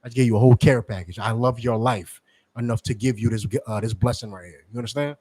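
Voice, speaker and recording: Forceful man preaching on the street. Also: medium pitch, quick pace. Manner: forceful, scolding, repetitive preaching.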